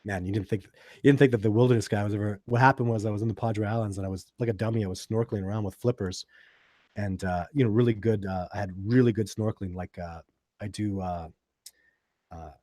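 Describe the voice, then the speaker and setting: Low-voiced guy rambling on a live stream, lots of restarts, dry close sound. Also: fairly even intonation, fast, darkish tone, no echo. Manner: rambling, full of restarts and fillers. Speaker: host of a live video chat about Sasquatch research. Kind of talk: live stream, answering viewer questions and telling stories.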